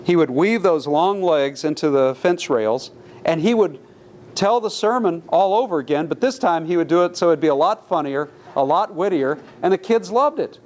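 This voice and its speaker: A man's voice: fairly high pitch, lively intonation, normal speed, a little mellow. A middle-aged man giving a public lecture in a conversational, anecdotal way, often correcting himself mid-phrase. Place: lecture hall.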